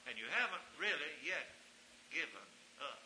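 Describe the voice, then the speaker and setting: A man's voice: a little high, sing-song, moderate pace. Male preacher, fervent and dynamic, recorded in an echoey room with hiss. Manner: fervent, swings from hushed to shouting. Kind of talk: sermon.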